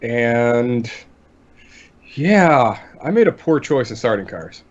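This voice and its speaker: A man in easy, rambling conversation as a co-host, his sentences drifting and restarting. His voice sits at an ordinary middle pitch. The sound is a bit dull and lo-fi. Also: takes it slowly. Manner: relaxed, rambling, trails off mid-sentence. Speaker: podcast co-host. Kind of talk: casual chat.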